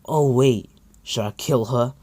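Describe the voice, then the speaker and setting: A man's voice: mid-range voice, measured pace, warm tone, close to an everyday voice. A man casually voicing a jealous, hot-tempered teenage boy rival with curt, challenging lines. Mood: cold.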